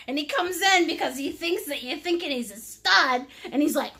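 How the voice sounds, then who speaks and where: A woman's voice: high voice, animated, moderate pace, hardly any pauses, sharp tone. A woman teaching a painting lesson on a live stream. She is silly and giggly, plays with made-up words, and answers viewers' comments as she paints. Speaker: painting instructor.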